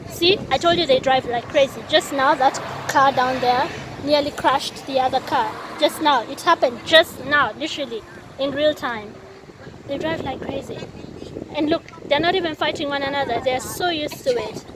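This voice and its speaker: A woman from Kenya telling a story in a casual vlog, chatty and animated, laughing often, recorded outdoors by a busy road near the sea. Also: sits high, normal speed. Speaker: vlogger. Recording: noisy outdoor street ambience.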